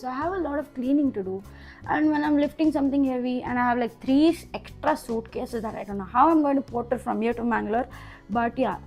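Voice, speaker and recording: A woman's voice: a little high, a little mellow. A young woman with an Indian English accent, candidly recounting a hard time in a personal vlog, her voice a bit nasal. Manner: candid, emotional, restarts often. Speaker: vlogger.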